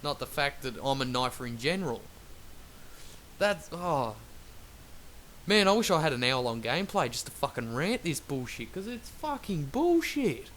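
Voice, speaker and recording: A man's voice: medium pitch, lively intonation, normal speed, pauses often, fairly bright tone. A man giving an angry, profane, rambling rant over gameplay as a gaming video maker. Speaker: gaming YouTuber. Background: faint traffic noise.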